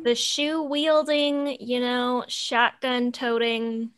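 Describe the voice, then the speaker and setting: A woman player introducing her returning character, quiet and hesitant. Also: on the high side, flat delivery, slow, slight background noise.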